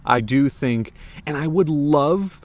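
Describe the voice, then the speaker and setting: A chatty young American man talks to camera with an American accent, his pitch sitting a little high and moving a lot. He rambles in a lively way and restarts his sentences often. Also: slow pace. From United States. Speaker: book reviewer. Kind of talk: casual talk to camera.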